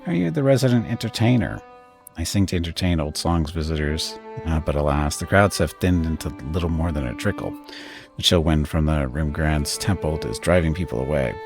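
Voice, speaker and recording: Brief: a man reading a quirky, self-assured little Orlan chanter for a fantasy game, very deep and gravelly, swinging up and down. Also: a little fast, music in the background. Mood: earnest. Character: small eccentric male Orlan singer, cheerful and self-assured.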